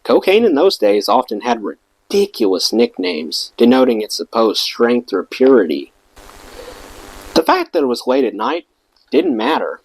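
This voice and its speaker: A man's voice: medium pitch, sing-song, unhurried, gravelly, rough recording. A man reading a rock memoir aloud as an audiobook, giving the quoted lines their own voices. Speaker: audiobook reader.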